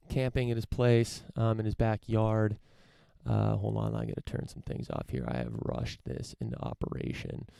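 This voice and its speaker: Recording on a live-stream camera setup with no room sound, this young podcast host speaks in a fairly low, gravelly, warm, resonant, clear voice. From his parents' home he delivers a casual solo monologue, loose, rambling, and profane, full of fillers and restarts.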